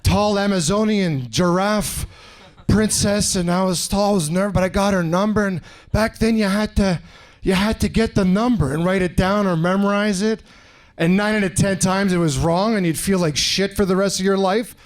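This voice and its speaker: Man, stand-up comedian, from Canada, high voice, lively storyteller, club stage. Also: moderate pace. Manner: animated storytelling, acts out other voices. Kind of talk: stand-up set. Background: audience laughter.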